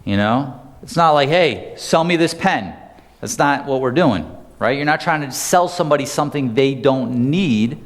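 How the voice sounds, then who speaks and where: A man's voice: medium pitch, normal speed, few pauses, big-room sound. A man giving a live sales seminar, talking energetically and conversationally and quizzing the audience. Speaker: sales trainer. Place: seminar room.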